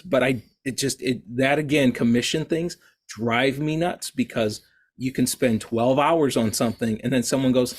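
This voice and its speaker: A man talks casually as a podcast guest, his voice sitting at an ordinary middle pitch. He rambles through restarts and laughs at his own expense. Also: normal speed. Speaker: guest artist.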